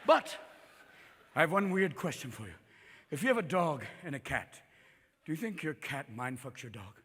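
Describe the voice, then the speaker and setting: A man's voice: on the high side, expressive, moderate pace, sharp tone, breathy edge. A man performing live stand-up comedy on stage, manic and profane, constantly jumping into voices. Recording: live reverberant hall.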